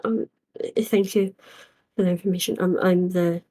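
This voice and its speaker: A woman speaks in character at a tabletop game, hesitant and apologetic, with lots of ums. Her voice is mellow and warm. She sounds unsure and keeps pausing. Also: fairly low pitch, steady tone, rough recording. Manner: hesitant, apologetic, many fillers. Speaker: player voicing a tiefling character. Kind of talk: in-character tabletop role-play.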